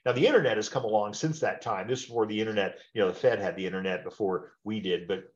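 A man's voice: fairly low pitch, fast talker, muffled recording. A man in his sixties giving an informal training webinar, talking in a rambling, conversational way and checking in with tag questions. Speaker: webinar presenter.

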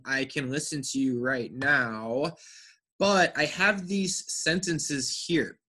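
A man teaching an online English pronunciation class, speaking slowly and carefully and praising students. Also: a little high, pushed and bright. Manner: slow, careful enunciation with encouraging feedback.

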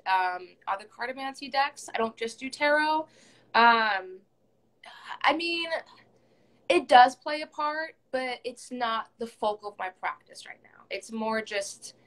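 A young woman chatting casually as a podcast guest about reading tarot, talking quickly and acting out what others said. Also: on the high side, a bit bright, low-quality recording. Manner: chatty, laughs often, quotes others in quick bursts. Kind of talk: casual chat.

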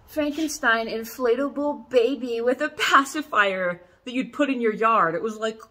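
A young adult woman hosting a casual product vlog, rambling and animated as she chats about corsets. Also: a little high, normal speed. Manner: rambling, animated, laughs and coughs often. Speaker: corset shop host.

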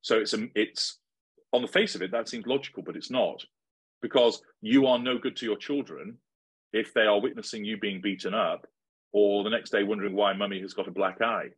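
A man answering interview questions in a measured, assertive, lecturing way. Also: on the low side, slightly rough. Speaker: interviewee giving advice.

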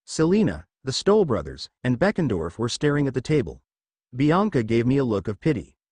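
A man reading a fan fiction story aloud as narrator, telling it with lively ups and downs. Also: medium pitch, fairly quick, husky, dry recording.

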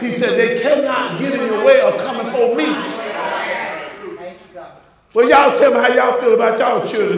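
Man, pastor, high voice, fiery sermon, booming church echo, distant mic. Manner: preaching with rising bursts, addressing the congregation directly. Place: church sanctuary.

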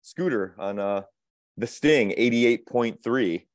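A man's voice: mid-range voice, takes it slowly, dry recording, studio quality. Chatty, self-deprecating man on a video call. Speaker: podcast guest, actor and author. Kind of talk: casual video-call chat.

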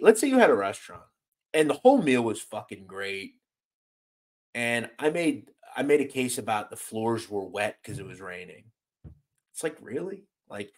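An American man hosting a casual livestream, reading chat comments aloud and answering them bluntly, swearing freely and sounding exasperated. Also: mid-range voice. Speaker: host reading live chat.

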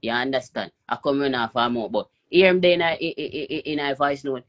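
A man's voice: mid-range voice, fairly quick. A man with a Jamaican accent, cursing and emphatic as he rants on a phone live stream. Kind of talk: heated live-stream rant.

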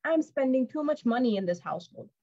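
A woman's voice: high-pitched, expressive, fast talker, muffled recording. Woman playing a haughty, jealous stepmother. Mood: cold scorn.

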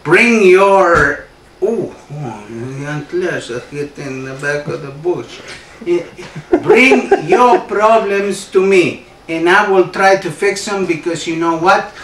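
A man's voice: high-pitched, lively intonation, slow, a bit bright, slight background noise. A man hosting a comic show, rambling in a playful, mock-earnest way with a put-on Canadian accent. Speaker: comedy show host. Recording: roomy echo, distant mic.

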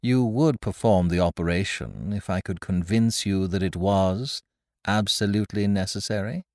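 A man voicing a calm, secretive young woman. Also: low voice, no echo, studio quality. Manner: calm, measured and composed.

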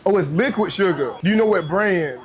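A man's voice: sits high, lively intonation, a little fast, soft background music. A man chatting in a laid-back, slangy way while working a shift on camera. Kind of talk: casual vlog banter.

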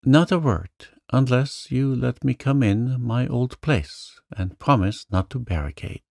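A man's voice: medium pitch, animated, measured pace, gravelly, a little mellow, dry recording, studio quality, voice pushed up. A man voicing a mischievous, charming young man in a storybook reading, playful and coaxing.

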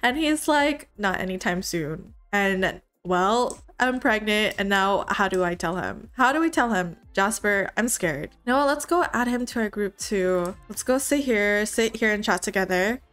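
A woman's voice: mid-range voice, lively intonation, unhurried, few pauses, fairly bright tone, faint music behind. A woman voicing an anxious young female university student who pleads and confides in her brother in a life-simulation game. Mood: nervous. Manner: nervous, pleading.

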